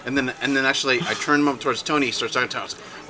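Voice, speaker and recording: A man's voice: medium pitch, fairly even intonation. Guy rambling through a story, lots of restarts, crowd noise behind him. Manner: rambling, halting storyteller with many restarts and laughs. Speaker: podcast co-host. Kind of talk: casual chat, storytelling.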